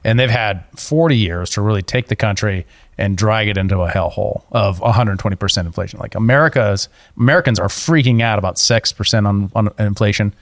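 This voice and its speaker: A man's voice: fairly low pitch, brisk, no echo, clean studio sound. Emphatic male podcast co-host. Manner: animated, emphatic. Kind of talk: casual podcast discussion.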